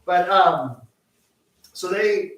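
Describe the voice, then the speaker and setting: A man's voice: sits high, extremely slow, a bit bright. A man co-hosting a live cooking show, chatting loosely with lots of fillers and restarts while he cooks. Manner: rambling, full of fillers and restarts. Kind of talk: casual chat while cooking. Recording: roomy, distant mic, faint noise.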